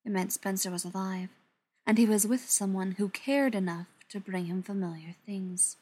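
A woman narrating a novel aloud in an expressive storytelling manner, sometimes dropping to near-whispers. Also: mid-range voice, normal speed. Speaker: audiobook narrator. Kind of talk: scripted narration.

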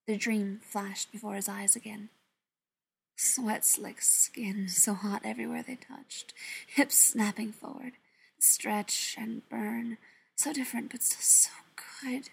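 A woman reading a story aloud in a soft, often half-whispered voice. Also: fairly high pitch, level tone, takes it slowly, vocal fry, slightly rough. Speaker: narrator. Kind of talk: audiobook narration.

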